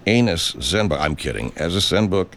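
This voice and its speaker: A man's voice: low voice, expressive, moderate pace, a bit bright, slight background noise. A middle-aged man hosting a solo podcast, reading headlines aloud and ranting profanely with heated rhetorical questions. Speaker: podcast host.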